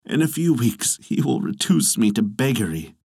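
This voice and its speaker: A narrator voicing a stingy, anxious male priest in a folktale, in a slower and lower voice than their own. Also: sing-song, creaky, a little mellow, husky, no echo, clean studio sound, exaggerated voice. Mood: fretting.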